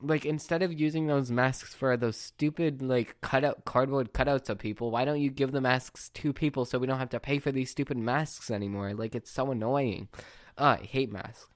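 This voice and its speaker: A late-teen man hosts a podcast solo, ranting casually and with exasperation. His medium-pitched voice, in a middle range for a man, keeps fairly even intonation at a moderate pace. The sound is dry with no room echo.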